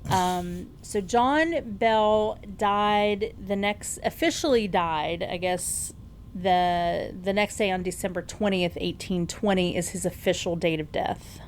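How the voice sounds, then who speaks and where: A woman's voice: medium pitch, slow pace, a little hiss or hum. A woman co-hosting a podcast, telling a story in casual chat, amused and often laughing, with lots of fillers. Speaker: podcast co-host.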